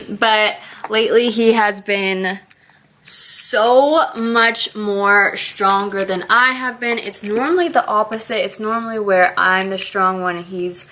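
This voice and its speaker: A woman talking straight to her camera in a loose, confessional vlog, rambling and laughing as she goes. Her voice sits at an ordinary middle pitch. A faint hiss lies under the recording. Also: fairly even intonation, takes it slowly, fairly bright tone. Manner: rambling, candid, laughs often. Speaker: vlogger. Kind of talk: casual confessional vlog chat.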